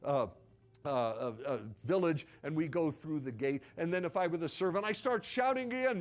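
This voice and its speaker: A man's voice: fairly high pitch, animated, moderate pace. A male pastor telling a sermon as a dramatized story, animatedly acting out scenes in the first person.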